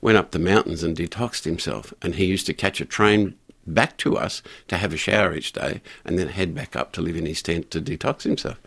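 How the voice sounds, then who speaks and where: An older man telling a story in a radio interview, halting with frequent restarts and fillers. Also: low-pitched, gravelly, a bit bright. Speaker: guest, community pastor.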